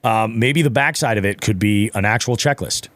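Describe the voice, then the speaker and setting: A man hosting a casual podcast chat, animated and swearing freely, acting out the people he talks about. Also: lowish voice, normal speed, dry recording. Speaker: podcast host.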